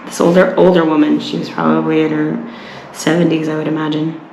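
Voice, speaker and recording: A woman from Utah chats casually on a walk, rambling and restarting her sentences with plenty of fillers. Her voice sits low with a gravelly fry. The sound is roomy, with a faint outdoor ambience behind her. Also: flat delivery, fairly quick, a little mellow, a little hiss or hum. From Utah, USA. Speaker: travel vlogger. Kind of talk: casual walking vlog.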